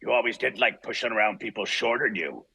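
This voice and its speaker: A man voicing a tough, gruff, short male mutant hero with a gravelly growl, taunting through his teeth. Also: fairly low pitch, quick pace, sharp tone, no echo, heavily acted.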